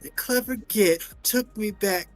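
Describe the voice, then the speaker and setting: A man's voice: sits high, a little slow, soft background music, voice pushed up. A man voicing a chatty elderly city man who reads game dialogue aloud and says "me" for "my" in a folksy way. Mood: nostalgic. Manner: drops into folksy slang, "me" for "my".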